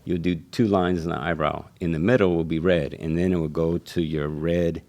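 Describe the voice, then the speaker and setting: A man's voice: low-pitched, fairly even intonation, brisk, darkish tone. A man, a barber, telling stories in a casual podcast conversation and acting out the voices of people he quotes.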